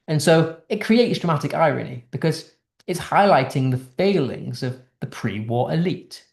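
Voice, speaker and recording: A man's voice: on the high side, gravelly, a little mellow. Chatty tutor man in an echoey room. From United Kingdom. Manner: chatty, explaining text line by line, with restarts. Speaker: English literature tutor. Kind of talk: casual online lesson.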